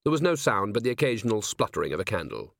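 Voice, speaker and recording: A man narrating an audiobook in a measured, even reading. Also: lowish voice, vocal fry. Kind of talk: scripted narration.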